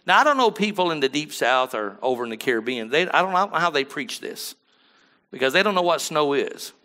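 A man preaching a sermon as pastor, dropping to quiet asides and then rising to loud emphatic lines, often asking the congregation to agree. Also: very animated, a little fast. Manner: swings from low murmurs to loud emphatic bursts.

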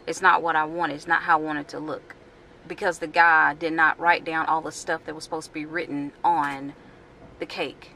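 A woman's voice: sits low, normal speed, slight background noise. Chatty woman vlogging at home. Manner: chatty, animated, indignant storytelling. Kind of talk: casual vlog chat. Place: home kitchen.

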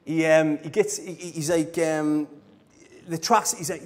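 Guy telling stories on stage, kinda high voice, laughs a lot, keeps saying you know what i mean. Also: steady tone, a little slow. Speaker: speaker at a design conference. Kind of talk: casual anecdotal conference talk. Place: live talk on a stage.

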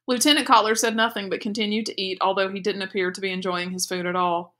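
Bright-voiced woman reading aloud. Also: medium pitch, fairly even intonation, fast talker. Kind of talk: audiobook read-aloud narration.

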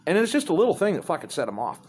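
A man's voice: high voice, wildly swooping pitch, racing, darkish tone, husky. Profane man telling a rambling story. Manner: profane, rambling, laid-back. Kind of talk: casual storytelling.

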